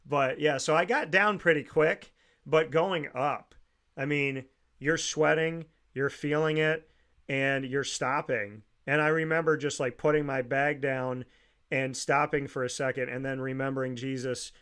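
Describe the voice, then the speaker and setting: A man's voice: medium pitch, steady tone, measured pace, a bit bright, smooth. A man hosting an interview, telling a personal story in a casual, earnest and reflective way, often restarting his sentences. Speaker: podcast host.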